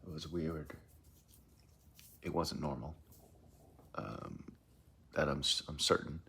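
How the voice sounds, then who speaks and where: A man's voice: very deep voice, fairly even intonation, takes it slowly, vocal fry, pushed and bright, slight background noise. A man telling a strange personal experience in a rambling, hesitant way, often dropping into a whisper. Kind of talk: casual first-person account.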